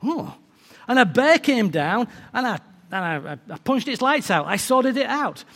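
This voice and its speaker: A man's voice: very high voice, big pitch swings, unhurried, fairly bright tone, voice pushed up, exaggerated voice. A man voicing a bold young shepherd boy, eager and boastful. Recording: long reverb of a large hall.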